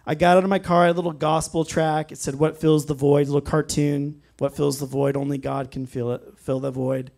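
A man's voice: fairly high pitch, level tone, moderate pace, vocal fry, few pauses, a little mellow. A man preaching a sermon, telling a personal story in an earnest way and breaking into frequent amens. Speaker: pastor.

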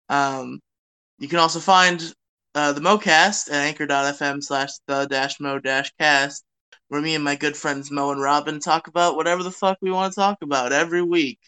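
Bright, crisp-voiced podcast host man. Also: fairly high pitch, steady tone, moderate pace, rough recording. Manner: loose and joking, swears casually. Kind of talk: casual podcast chat.

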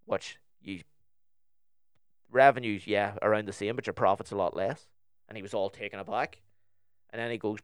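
A young Northern Irish man tells a story in casual podcast chat, acting out each side of a past conversation. His voice sits fairly low and sounds smooth and clear. The sound is dry and close, with no room around it. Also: no room sound. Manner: animated, acts out both sides of the story.

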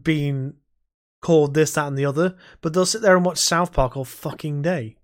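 A podcast co-host with a higher-pitched voice talks at normal speed in a casual gaming chat. He rambles through his stories with animated energy and heavy swearing.

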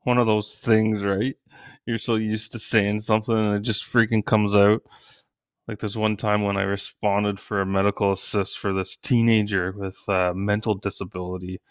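Crude-joking man with a low voice. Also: flat delivery, moderate pace, smooth, no room sound, studio quality. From Canada. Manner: crude, joking, acts out quoted lines in a high shouting voice. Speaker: stand-up comedian. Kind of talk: casual comedic storytelling.

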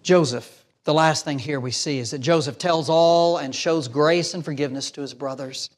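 A pastor in full sermon, a man whose voice sits high and climbs higher when he presses his point. He reads scripture aloud and slips into quick imagined voices to make it land. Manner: emphatic preaching, acts out imagined voices.

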